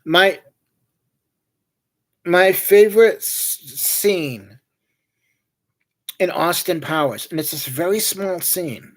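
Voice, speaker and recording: A man's voice: high-pitched, takes it slowly, pauses often, a bit bright. A man hosting a livestream, chatting casually and telling meandering, joking anecdotes. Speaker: livestream host. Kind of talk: casual rambling chat.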